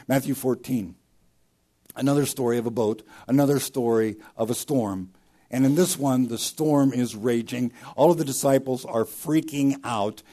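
A male pastor with a mid-range voice preaches at a moderate pace. His sermon swings between loud, emphatic bursts and hushed drops, and he repeats key phrases to give them weight.

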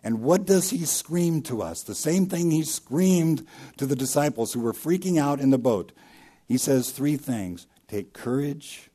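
A man preaching a sermon as pastor, swinging between loud emphatic bursts and hushed drops, and repeating key phrases for weight. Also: on the high side, animated, measured pace.

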